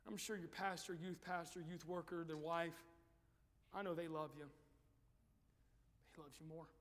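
A man preaching a sermon at a youth event, swinging from quiet pleading to shouted climaxes. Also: fairly high pitch, fairly even intonation, moderate pace. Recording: echoey hall.

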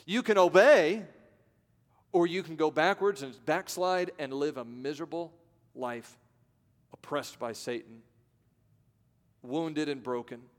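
Male pastor, slightly high voice, dramatic loud-to-hushed sermon delivery, long hall reverb. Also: unhurried, long pauses.

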